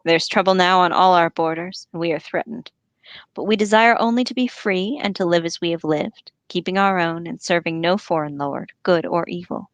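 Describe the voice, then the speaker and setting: A woman voicing a wary male horse-lord captain, formal, measured, somewhat low, dry sound. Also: no echo, close to an everyday voice.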